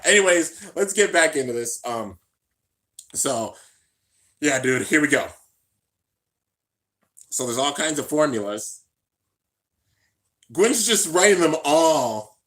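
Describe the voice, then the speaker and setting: Bright-voiced excitable young guy streaming. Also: takes it slowly, pauses often. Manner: excitable, slangy, keeps saying "dude"; swings between hyped shouting and low mumbling. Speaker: YouTuber hosting a live reaction stream. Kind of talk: casual live-stream reaction commentary.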